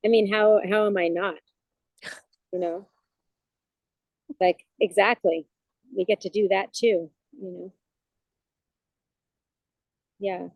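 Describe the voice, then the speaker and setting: A woman's voice: mid-range voice, fairly even intonation, slow pace, long pauses, a little mellow, no room sound, rough recording. A woman chaplain talking as a guest in a casual, reflective conversation, searching for words with frequent "you know" fillers.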